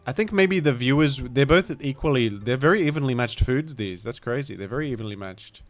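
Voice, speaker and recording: With soft music playing behind him, a man with an Australian accent streams a game, his expressive mid-range voice moving briskly. His casual, rambling commentary is self-deprecating and drifts into mumbled asides.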